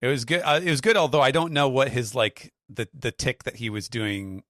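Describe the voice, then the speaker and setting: A man's voice: medium pitch, a little fast, a bit bright, no echo. A man on a podcast as a guest translator, talking in a dry, self-deprecating way with lots of "uh"s. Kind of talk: casual chat.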